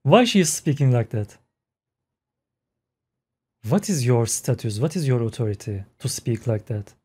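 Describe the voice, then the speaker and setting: A man hosting a reaction video, excited and laughing as he talks at the screen in casual commentary. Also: mid-range voice, measured pace, breathy edge. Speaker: reaction channel host.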